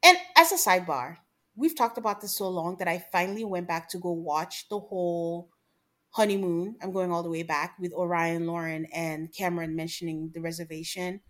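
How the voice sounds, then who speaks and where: A woman's voice: on the low side, normal speed, fairly bright tone. A woman co-hosting a podcast in a casual chat, emphatic and opinionated as she argues her view. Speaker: podcast co-host.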